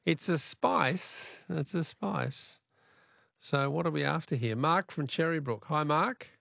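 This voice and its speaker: A man's voice: a little high, takes it slowly, vocal fry, fairly bright tone, dry recording. A man with an Australian accent hosting a radio call-in quiz, jovial and bantering, laughing often with callers.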